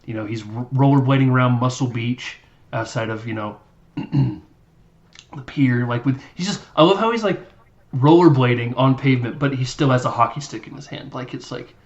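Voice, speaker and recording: A man's voice: mid-range voice, moderate pace, dull audio. Man rambling through a film recap. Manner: rambling, animated, acts out movie lines in silly voices. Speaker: podcast host. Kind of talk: casual film recap chat.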